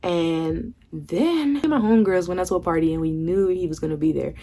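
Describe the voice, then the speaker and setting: Young woman vlogger spilling a storytime, slightly low voice, blunt and animated, cusses a lot. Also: moderate pace, a little hiss or hum. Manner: candid and animated, acts out friends' voices, swears freely. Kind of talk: casual storytime.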